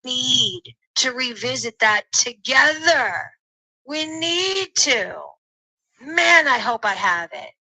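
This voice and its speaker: A woman's voice: high voice, expressive, slow, bright, forceful tone, low-quality recording. A woman live streamer chatting casually with her viewers and signing off.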